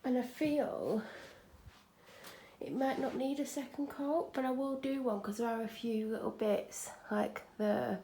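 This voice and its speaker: A woman chatting frankly in a home vlog from a room she is decorating, sometimes dropping into soft whispered asides. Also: fairly high pitch, fairly even intonation, measured pace, a little hiss or hum. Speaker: vlogger. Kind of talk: casual home vlog chat.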